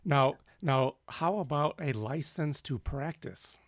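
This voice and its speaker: A man's voice: on the high side, animated, slow, dry recording. A man hosting an interview, enthusiastic and encouraging toward his guest. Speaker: host. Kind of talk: podcast interview.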